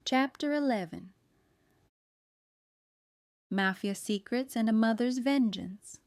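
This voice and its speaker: Woman audiobook narrator, smooth voice, dry studio-close read. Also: a little high, slow pace, darkish tone, no room sound. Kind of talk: scripted narration.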